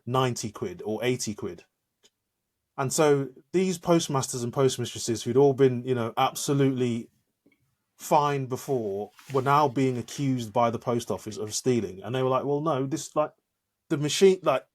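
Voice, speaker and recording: Man, podcast co-host, explanatory storytelling tone, ordinary pitch. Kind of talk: casual chat.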